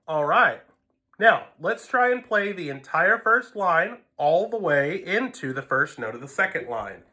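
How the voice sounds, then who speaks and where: Over the sound of violins, a male string teacher talks his students through the notes and counts out the beats with patience. His voice is fairly high, bright and pushed.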